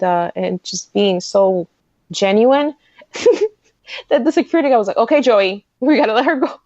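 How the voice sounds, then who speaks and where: A woman in her forties, a podcast host telling stories in a rambling, excitable way, full of restarts. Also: mid-range voice, no echo, highs cut off. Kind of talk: casual chat.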